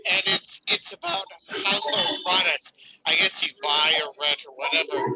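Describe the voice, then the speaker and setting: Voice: mid-range voice, big pitch swings, moderate pace, very noisy. A member of a club meeting, chatting on a video call and telling jokes with many restarts. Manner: joke-telling, restarts a lot. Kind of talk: casual video-call chat. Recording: video-call audio with loud music behind. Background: music playing.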